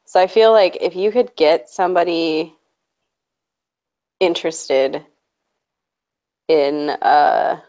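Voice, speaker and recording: A woman's voice: low-pitched, takes it slowly, long pauses, dark tone. A woman co-hosting a stream, joking and teasing in casual chat. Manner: jokey, teasing, laughs often. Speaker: co-host of a stream. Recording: lo-fi stream audio.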